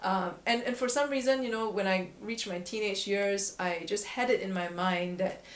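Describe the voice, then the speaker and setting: A woman's voice: medium pitch, moderate pace. A woman voice coach talking candidly to camera in a vlog, reflective and often laughing at herself. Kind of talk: casual vlog talk to camera. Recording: echoey room.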